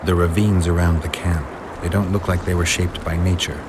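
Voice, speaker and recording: A man's voice: low voice, steady tone, normal speed, background noise, close to an everyday voice. An actor playing a grim, white-haired male monster hunter in a video game, speaking in a terse, dry way.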